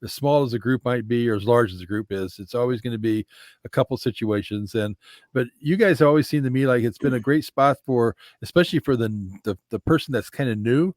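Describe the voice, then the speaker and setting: A man's voice: medium pitch, fairly quick. Guy hosting a radio chat, mid voice, loose and rambly, no room echo. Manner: relaxed and rambling, restarting sentences. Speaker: radio host. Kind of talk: casual radio talk.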